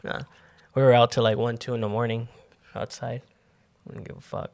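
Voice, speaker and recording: A man's voice: mid-range voice, little pitch movement, creaky, darkish tone. A man co-hosting a casual podcast who keeps jumping in with short questions and comments. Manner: quick interjecting questions. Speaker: podcast co-host. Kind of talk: casual chat.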